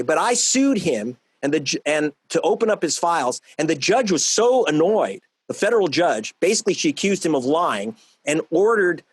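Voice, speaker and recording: A man speaks as a journalist guest in a panel discussion. He talks emphatically, often restarting his sentences, in a fairly high voice. The sound is dry and close. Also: dry recording. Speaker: author and investigative journalist guest.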